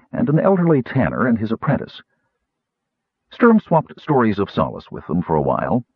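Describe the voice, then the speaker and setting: A man narrating an audiobook in a lively, expressive reading. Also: on the low side, breathy edge, no room sound. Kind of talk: scripted narration. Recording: thin phone-like dry audio.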